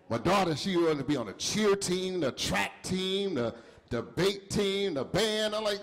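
Lively high-voiced stand-up comedian. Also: male voice, unhurried, vocal fry. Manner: animated storytelling with acted-out dialogue. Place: comedy club stage with audience. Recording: live set with faint crowd. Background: audience laughter.

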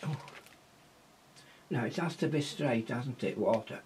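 Speaking at a measured pace with a medium-pitched, darkish voice, a man from Wigan, Lancashire, teaches watercolour painting in his local accent. His manner is casual and chatty; he often asks viewers questions and mutters to himself while painting. There's slight background noise.

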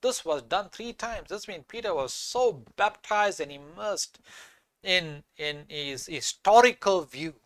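A man delivers a sermon in a high voice, hammering home his points by saying them twice. He reads scripture aloud between his comments. The sound is dry, with no room echo. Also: expressive, slow pace. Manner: emphatic, repeats key phrases, reads scripture aloud. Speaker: preacher.

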